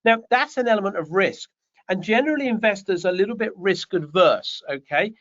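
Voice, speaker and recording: A man with a notably high voice coaches property developers, rambling and joking as he talks. The sound is dull and lo-fi, like a video call. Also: expressive, a little fast, fairly bright tone. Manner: chatty, rambling, joking asides. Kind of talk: online Q&A session. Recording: dull lo-fi online call audio.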